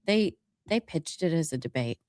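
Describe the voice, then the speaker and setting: A woman's voice: low-pitched, animated, moderate pace, a little mellow, no echo, studio quality. A woman co-hosting a casual political talk show, chatty and playful with a self-mocking streak. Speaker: co-host.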